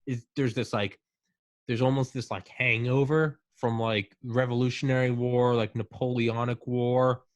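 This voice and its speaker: A man in casual chat, talking excitedly and rambling with lots of fillers. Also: medium pitch, a little slow, no echo.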